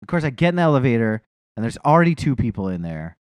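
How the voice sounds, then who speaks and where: A man's voice: mid-range voice, fast, clean tone, no room sound. Guy ranting thru a funny story, cursing a lot, voice jumps all over, dry close mic. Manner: profane, animated, self-mocking storyteller. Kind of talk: casual storytelling chat.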